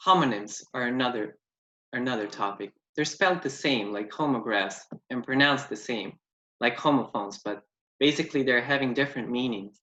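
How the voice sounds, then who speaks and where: A man's voice: medium pitch, normal speed, sharp tone, slight background noise. A man giving a class presentation on phonetics, explaining terms and reading out lists of example words. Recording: dull, echoey room sound.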